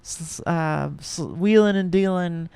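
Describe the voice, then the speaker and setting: A man hosting a podcast in casual chat, rambling with many pauses and restarts. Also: fairly high pitch, vocal fry, warm tone, clean tone, no room sound. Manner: rambling, lots of ums and restarts. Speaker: podcast host.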